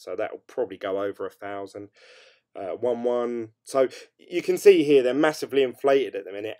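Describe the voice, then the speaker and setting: His voice is lowish and warm: a young crypto mining streamer in casual late-night livestream chat. He reads out viewer comments in an upbeat, rambling way, using lots of hedges and fillers.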